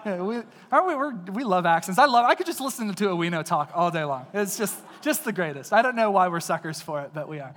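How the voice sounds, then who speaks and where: A man's voice: high voice, lively intonation, fast, few pauses, a bit bright. A man from East Texas preaching a casual, joking sermon built around personal stories, talking directly to the crowd. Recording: long reverb of a large hall.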